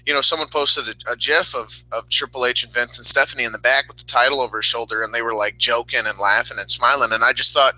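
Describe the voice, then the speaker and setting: Very bright, heated, profane podcast man. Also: mid-range voice, dry recording, poor audio. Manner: profane, heated, animated ranting. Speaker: podcast host. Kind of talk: casual podcast chat.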